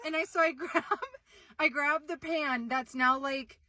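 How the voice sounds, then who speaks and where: A young woman hosting a casual vlog, telling a story with lots of "like"s and excited outbursts. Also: high-pitched, a little slow, no room sound. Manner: excitable, animated, screams in retold moments, many "like"s. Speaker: vlog host.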